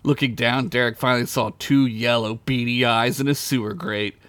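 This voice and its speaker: A man's voice: medium pitch, steady tone, normal speed, a bit bright, smooth, no echo. A man reading a comedic story aloud for a podcast, laughing at his own jokes.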